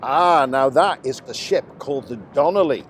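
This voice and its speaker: A man's voice: mid-range voice, animated, normal speed, a little hiss or hum. A man acting as a city tour guide in a comedy sketch, explaining landmarks politely and patiently outdoors.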